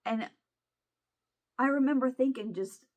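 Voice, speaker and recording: Emotional woman vlogger, halting speech. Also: high-pitched, a little mellow, muffled recording. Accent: Southern Illinois. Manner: halting, emotional, many restarts. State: near tears. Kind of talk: casual chat to camera.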